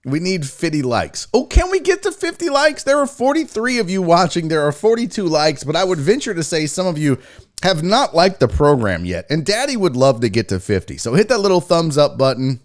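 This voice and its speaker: A man hosting a sports talk livestream, a little drunk, joking loudly with his chat and swearing often. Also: on the high side, sing-song, a little fast. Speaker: sports talk show host.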